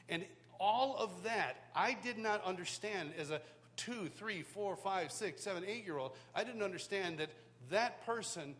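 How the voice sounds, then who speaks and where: A man's voice: sits high, fairly bright tone. A man from the United States giving a personal testimony at a live worship school, in a conversational storytelling way with frequent restarts. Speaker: worship teacher. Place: large hall, live event. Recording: long hall reverb, faint hum.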